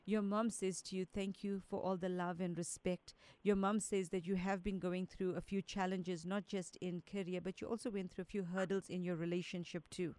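A woman's voice: lowish voice, little pitch movement, normal speed, hardly any pauses, darkish tone, clean tone, no echo. A woman giving psychic readings to radio callers, speaking in a direct, reassuring way and relaying messages as quotes. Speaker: resident psychic medium.

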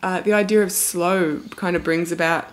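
A woman's voice: fairly low pitch, fairly even intonation, moderate pace. A woman hosting a casual podcast chat, talkative and laughing often, a little spaced out. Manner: chatty, laughs often, reads listener offers. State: a little medicated, sounds spaced out. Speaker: podcast host.

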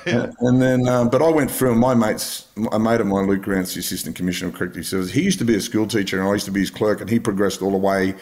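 A man's voice: low-pitched, darkish tone. An Australian man, a podcast guest, telling blunt stories, swearing freely and laughing along. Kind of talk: casual storytelling interview.

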